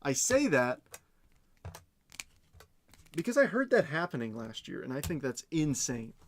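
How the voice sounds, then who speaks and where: A man hosting a live card-breaking stream, reading off pulls quickly and chatting with his viewers. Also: a little high, sing-song. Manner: rapid rundown of cards, chatting with viewers.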